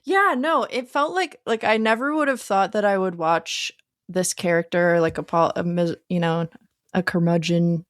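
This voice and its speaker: A woman's voice: lowish voice, moderate pace, no echo, studio quality. A young woman co-hosting a casual film podcast, eagerly retelling scenes she loved. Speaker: podcast co-host.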